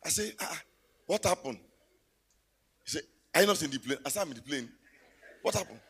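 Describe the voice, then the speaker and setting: A man preaching a sermon in a church, telling stories and rising to loud exclamations. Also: on the high side, lively intonation, brisk, breathy edge.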